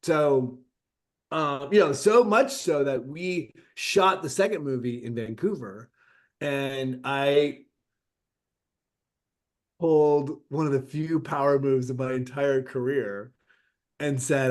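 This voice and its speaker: A middle-aged man telling stories in a casual interview, acting out quotes with lively shifts. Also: mid-range voice, slow pace, long pauses. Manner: animated anecdote-telling with acted-out quotes. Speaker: interview guest, actor.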